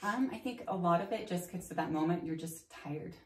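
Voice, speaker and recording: A woman's voice: lowish voice, a little fast. A woman guest in a casual interview, talking chattily about her Reiki journey with lots of fillers. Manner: chatty, many "like" fillers, acts out her own past thoughts. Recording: roomy, slightly distant mic.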